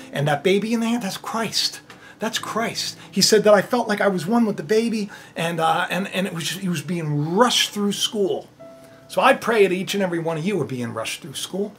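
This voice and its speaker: A man hosting his own channel, talking in a rambling, animated way and often tagging his points with "right?". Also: high-pitched. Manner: animated and rambling, tag questions. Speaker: channel host. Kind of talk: casual spiritual vlog talk.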